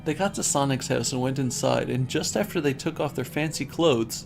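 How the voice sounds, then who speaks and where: A man's voice: medium pitch, normal speed, vocal fry, few pauses, darkish tone, faint music behind. A man on a stream reading bad fan fiction aloud as comedy, often laughing and breaking off to mock the text.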